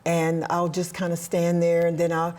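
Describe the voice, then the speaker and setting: A woman guest in an interview, speaking earnestly about faith and helping others, with frequent hesitant pauses. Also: on the low side, completely flat delivery, darkish tone. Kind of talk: heartfelt conversational interview.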